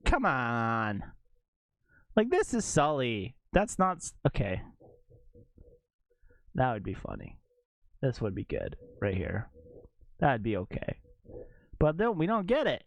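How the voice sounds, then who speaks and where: Male streamer, casual ranting chat, very lively pitch, dry close mic. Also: a little slow, pauses often, no room sound. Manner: animated ranting, jumps to high exclaims and laughs.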